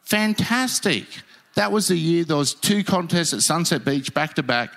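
A man's voice: fairly high pitch, animated, moderate pace, gravelly, a bit bright. A man telling surfing stories in casual chat, heated and swearing. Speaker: podcast guest, former pro surfer.

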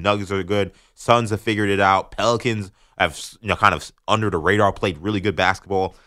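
A man filling in as a sports talk radio host, breaking down the league in a lively, joking way. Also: on the low side, no room sound, clean studio sound. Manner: animated, mocking, laughs often.

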